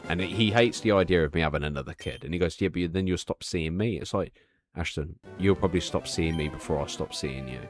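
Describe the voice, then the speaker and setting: Guy streaming, deep low voice, swears a lot, rambles and restarts, faint game music behind. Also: brisk. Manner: candid, profane, rambling storytelling with restarts. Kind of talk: casual live-stream chat.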